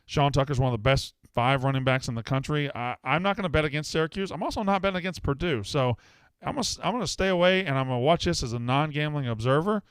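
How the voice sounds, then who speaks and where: A man's voice: a little high, quick pace, few pauses, clear, resonant tone, no room sound. A man from the American South hosting a sports betting call-in show, brash and heated, often cutting callers off. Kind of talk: casual call-in sports talk.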